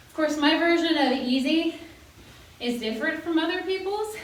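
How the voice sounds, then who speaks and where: A woman's voice: sits high, unhurried. A young woman leading a senior workout class as a fitness instructor, chatty, joking and encouraging while she exercises along. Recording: very echoey room, voice from far off.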